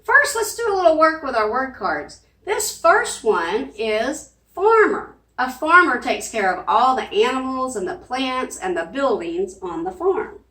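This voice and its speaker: A woman leads a children's sing-along, her high voice swinging up and down as she coaxes and makes animal noises. She sounds set back from the mic in an echoey room. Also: sing-song, a little slow, hardly any pauses, sharp tone, distant mic. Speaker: children's librarian. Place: library room.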